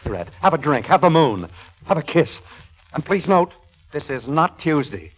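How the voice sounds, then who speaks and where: An actor playing a dryly exasperated astronomer husband in a 1940s radio comedy, with sardonic quips. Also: male voice, on the high side, sing-song, normal speed. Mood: sardonic, giddy.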